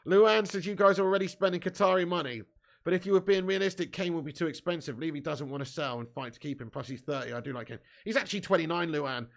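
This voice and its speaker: A man's voice: a little high, fast talker, creaky. A man hosting a live football watch-along, reading out viewers' chat comments and bantering with them, laughing often. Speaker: live stream host.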